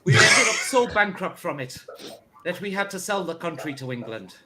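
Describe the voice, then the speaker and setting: A man's voice: high voice, sing-song, moderate pace, noisy background. A man voicing a proud, bitter Scottish woman leader in a tabletop game, in a put-on Scottish accent that slips toward Irish, grandly sarcastic. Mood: proud welcome. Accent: attempted Scottish drifting into Irish. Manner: grandly sarcastic, theatrical grievance.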